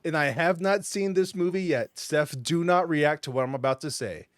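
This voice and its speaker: A man co-hosting a podcast, riffing casually on movie news with quick laughs. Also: fairly high pitch. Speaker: podcast co-host. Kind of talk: casual chat.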